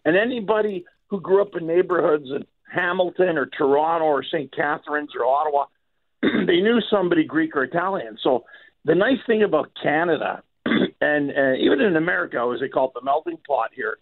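Rambling throat-clearing man on a tinny line. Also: fairly high pitch, animated, brisk. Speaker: comedian guest. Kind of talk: casual radio chat. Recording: tinny phone-like sound.

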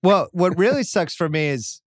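A middle-aged man chats on a podcast and tells a long story. He acts out other people's lines in a higher voice. The sound is close and dry. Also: expressive, normal speed, no echo. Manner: storytelling, acts out quotes in raised voice. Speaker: podcast host. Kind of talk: casual podcast chat.

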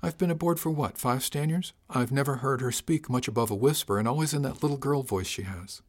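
A man's voice: mid-range voice, fairly quick, voice pushed up, lightly acted. A man reading an audiobook, voicing a wry male helmsman who speaks bluntly and with dry cheek. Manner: blunt, dry, lightly insolent. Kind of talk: audiobook character voice.

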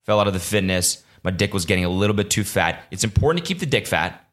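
A young man with a low voice talks off the cuff on his own podcast. He rambles and swears freely and sounds exasperated. Now and then he jumps into mocking voices. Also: lively intonation, quick pace, fairly bright tone. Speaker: podcast host. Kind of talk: casual solo podcast rant.

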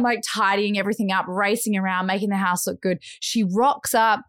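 A woman's voice: medium pitch, steady tone, a little fast, few pauses, no echo, studio quality. An Australian woman in her thirties, a podcast co-host telling a story in casual chat. She talks animatedly, acts out other people's voices and says "like" a lot.

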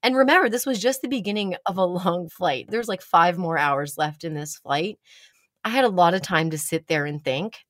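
A woman, likely in her thirties, casually telling a personal story with animated delivery and dramatic pauses. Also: dry recording, studio quality. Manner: animated, dramatic pauses, rising pitch when excited.

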